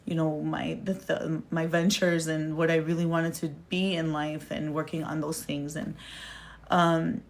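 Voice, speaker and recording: A woman's voice: deep voice, level tone, a little slow, creaky. A young woman talking earnestly and tearfully about her faith on a live stream, repeating words for emphasis. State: tearful, near crying. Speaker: speaker sharing her story. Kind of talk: heartfelt personal talk on a live stream.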